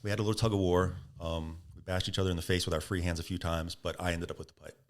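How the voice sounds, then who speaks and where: A man with a very low voice tells a story as a podcast guest. He talks casually and acts out the lines of the people in it. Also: racing. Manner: animated, acts out quoted speech.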